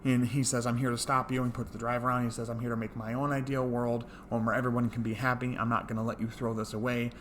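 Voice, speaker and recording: A man's voice: medium pitch, little pitch movement, quick pace, hardly any pauses, fairly bright tone, a little hiss or hum. A man casually recapping an episode as a reviewer, rambling with lots of fillers and trailing off with "blah, blah, blah.".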